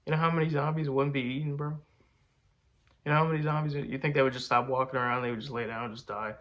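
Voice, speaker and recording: A man's voice: mid-range voice, little pitch movement, quick pace, highs cut off. A young man chatting casually, rambling and boastful, full of slang like bro and man. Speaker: rapper answering fan questions. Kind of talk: casual chat.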